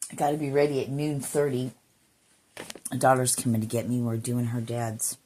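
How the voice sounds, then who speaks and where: A woman's voice: very deep voice, flat delivery, normal speed, mellow, slight background noise, rough recording. A middle-aged woman talking casually into her phone camera, blunt and given to swearing, audibly irritated. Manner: blunt, swears freely, talks to herself. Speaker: vlogger. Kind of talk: casual vlog.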